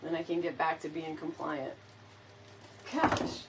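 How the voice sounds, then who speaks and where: A woman's voice: deep voice, level tone, unhurried, heavy background noise. A woman hosting a casual live crafting chat, playful and talking straight to her viewers. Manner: chatty, playful, addresses viewers often. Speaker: DIY decor host.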